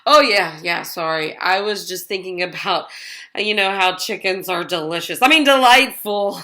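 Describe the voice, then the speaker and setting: A woman's voice: lowish voice, moderate pace, sharp tone, voice pushed down. A woman voicing a sly male snake with a sheepish, sneaky way of talking in a storybook.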